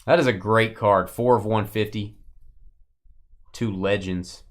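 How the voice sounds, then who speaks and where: A man hosts a live card break, opening sports cards on a stream while chatting, joking and calling out viewers by name. His voice is on the low side, steady in tone and a little slow.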